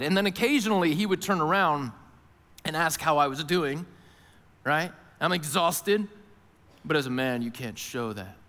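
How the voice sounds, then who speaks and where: A man preaching in a sermon voice a little higher than most men's. He tells his story in an animated way and acts out the other voices in it. His words ring with the long reverb of a big church hall. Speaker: pastor.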